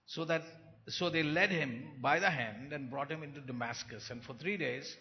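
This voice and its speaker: A man preaching a sermon, swinging from quiet, low lines to loud, forceful bursts. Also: moderate pace. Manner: dramatic swings between soft and loud delivery. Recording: dull, echoey hall sound.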